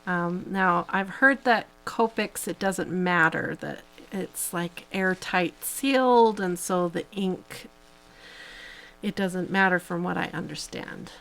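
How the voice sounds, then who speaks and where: A woman's voice: fairly low pitch, takes it slowly, vocal fry, fairly bright tone, poor audio. A woman hosting a live craft tutorial, chatting casually as she demonstrates each step, with plenty of fillers. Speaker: host.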